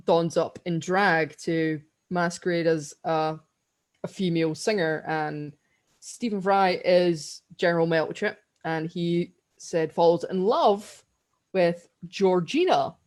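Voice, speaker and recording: Here a podcast co-host, a young Scottish woman, tells meandering stories in easygoing talk, laughing frequently. Her voice is lowish, slow, and somewhat dark in tone.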